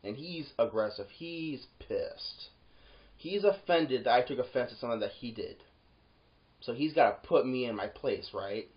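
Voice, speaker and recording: A security guard telling a workplace story in a casual monologue. The voice swings up when heated and drops low for asides. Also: expressive, moderate pace, lo-fi sound. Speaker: yard gate security guard.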